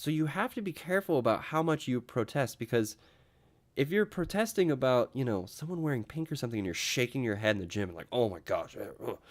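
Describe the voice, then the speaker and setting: A young man hosting his own talk show, rambling casually with lots of fillers and restarts. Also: medium pitch. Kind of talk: casual solo vlog monologue.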